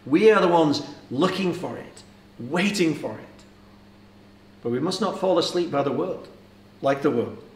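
A man's voice: fairly high pitch, lively intonation, a little slow, pauses often. A man preaching a sermon with earnest urgency, posing rhetorical questions to his listeners. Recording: echoey room.

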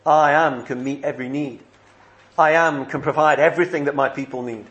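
Preacher, male, slightly high voice, earnest measured sermon delivery, emphatic repetition. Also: fairly even intonation, fairly bright tone, dull audio.

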